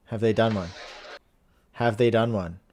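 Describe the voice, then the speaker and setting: A man's voice: lowish voice, steady tone, unhurried, darkish tone. A married man, hosting a podcast and chatting casually as he reacts to videos with playful, jokey asides. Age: adult, married.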